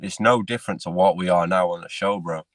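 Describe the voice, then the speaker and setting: A very low-voiced man, talking easily on a casual podcast. He keeps it relaxed and scatters "mate" and "innit" through his sentences. The recording is close and dry, with no room sound. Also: a little fast, no echo. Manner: laid-back, peppers speech with "mate" and "innit". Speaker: podcast co-host. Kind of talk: casual chat.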